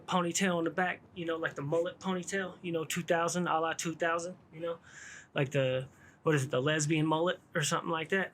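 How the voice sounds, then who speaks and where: A man's voice: on the high side, a bit bright, slight background noise. Rambling man telling a street story. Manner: rambling slang-heavy street talk. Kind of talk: casual storytelling.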